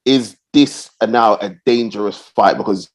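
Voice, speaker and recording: A man co-hosting a casual fight-talk podcast in a relaxed, agreeable way. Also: on the low side, normal speed, low-quality recording. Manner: relaxed, agreeable, backchannels a lot. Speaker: podcast co-host.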